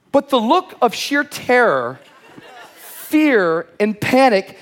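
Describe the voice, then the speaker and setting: A young man preaching a lively sermon to a church crowd, telling a funny story and acting out shouted lines. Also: very high voice, a little slow. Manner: lively, animated, acts out shouted quotes. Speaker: pastor. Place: large church auditorium.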